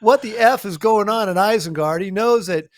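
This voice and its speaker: A man co-hosting a podcast in an animated casual chat, laughing often. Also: high-pitched, moderate pace, dry recording, clean studio sound. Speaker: podcast co-host.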